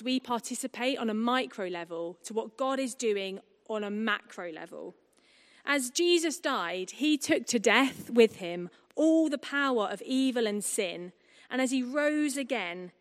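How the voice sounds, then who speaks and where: Lively woman preaching in a reverberant hall. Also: fairly high pitch. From England. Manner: lively, conversational, with asides and humor. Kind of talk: sermon at a baptism service. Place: church hall.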